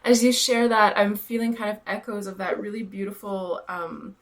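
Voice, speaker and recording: A woman interviewer who listens supportively and answers in a gentle, affirming way. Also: mid-range voice, flat delivery. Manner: gentle, affirming, slow-spoken.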